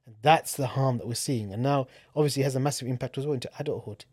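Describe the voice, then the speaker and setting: A man's voice: mid-range voice, fast, darkish tone, slightly rough, no echo. Casting: earnest male guest, emphatic and pleading, dry close sound. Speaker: podcast guest who works with families. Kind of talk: earnest podcast talk.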